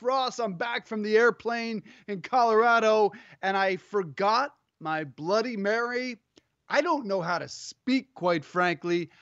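Playful male co-host, high-pitched, dry dull home recording. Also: fairly bright tone, no echo. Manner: playful, self-mocking. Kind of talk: casual sports show banter. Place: home studio. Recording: dull lo-fi remote audio.

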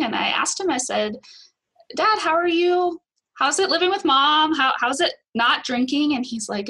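Woman guest, bright voice, reflective, goes soft and quiet at the tender parts. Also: on the low side. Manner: reflective, emotional, voice dropping soft at tender moments. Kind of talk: personal interview.

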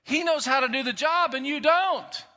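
A pastor preaching a sermon in an animated way, acting out quotes and swinging between loud and soft. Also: male voice, very high voice, moderate pace. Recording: dull sound in a long-reverb hall.

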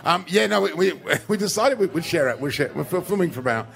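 Gravelly, fast-talking joking man. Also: fairly high pitch, expressive, fairly bright tone. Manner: self-mocking, laughing. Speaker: celebrity guest. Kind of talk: joking radio chat. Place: busy restaurant, live broadcast.

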